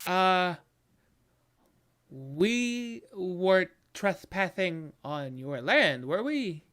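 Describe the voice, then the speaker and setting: A man's voice: sits high, very animated, very slow, fairly bright tone. A man playing a tabletop game, speaking politely and drawn out while in character. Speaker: player. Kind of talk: casual tabletop play.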